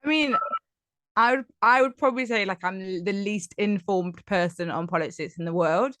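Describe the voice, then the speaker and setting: A woman's voice: medium pitch, moderate pace, fairly bright tone, no room sound. A woman with a Nottingham English accent, chatting as a guest on a video-call interview, laughing often and filling her talk with "like". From England. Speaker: guest business coach.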